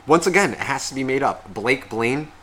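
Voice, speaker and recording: A man co-hosting a comedy podcast, with a bright, forward voice. He rambles and curses nonstop, restarting sentences as stories tumble out. A faint hiss sits under his voice. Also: expressive, normal speed. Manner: profane, rambling storyteller; mimics relatives in a high, gushing voice. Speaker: podcast co-host. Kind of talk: casual comedic chat.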